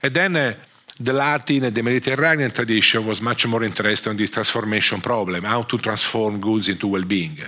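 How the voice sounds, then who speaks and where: A man with an Italian accent giving a conference lecture, speaking haltingly with frequent restarts and fillers. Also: lowish voice, sharp tone. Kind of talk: conference talk.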